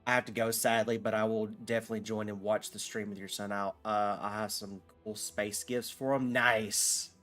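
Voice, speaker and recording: A man with a fairly low voice chats casually while streaming a game. He rambles, restarts sentences and fills pauses with "um" as he answers his viewers. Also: level tone, a bit bright, soft background music. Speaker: gaming streamer. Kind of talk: casual live-stream chat while gaming.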